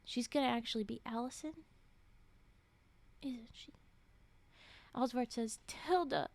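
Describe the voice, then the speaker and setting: A woman streamer reading a story aloud with dramatic flair, dropping into whispered asides and reacting out loud between passages. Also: a little high, fairly even intonation, unhurried, dry recording.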